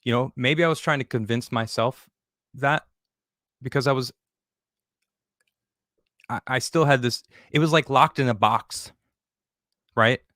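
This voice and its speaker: A man recounting events in a frank, profane, conversational way, often stopping and restarting his sentences. His voice sits at a middle pitch. The recording is close and dry, with no room sound. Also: a bit bright, no room sound. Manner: blunt and profane, halting restarts. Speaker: podcast guest recounting his exit from a show. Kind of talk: candid conversational storytelling.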